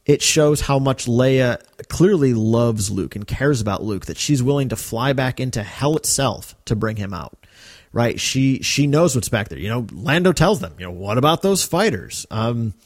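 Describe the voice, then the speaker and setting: A man's voice: medium pitch, expressive, normal speed, dry recording, clean studio sound. A man co-hosting a podcast, talking things through in a casual, rambling way with many fillers and restarts. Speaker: podcast co-host.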